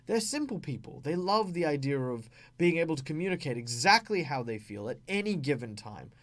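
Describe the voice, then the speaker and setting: An Australian man with a slightly high voice talks casually about roleplaying, chatty and full of fillers, acting out short examples as he goes. He sounds like a gaming channel host explaining to his viewers. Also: big pitch swings, fairly quick.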